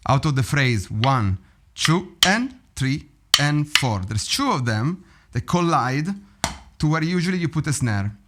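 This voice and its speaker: A man teaching drum rudiments in a relaxed, animated way, often vocalizing rhythms and laughing. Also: mid-range voice, a little slow, heavy background noise. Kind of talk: practice session teaching. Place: drum studio.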